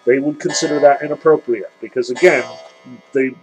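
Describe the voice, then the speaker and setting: A man's voice: medium pitch, fairly even intonation, brisk, music in the background, low-quality recording. A man giving an earnest literature lecture, reading passages and analyzing them, emphatic with frequent restarts.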